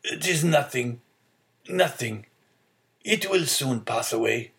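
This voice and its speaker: A man voicing a frail, poor old father who speaks gently and softly in an audiobook. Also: medium pitch, lively intonation, slow, voice pushed up. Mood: weak. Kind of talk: audiobook character reading.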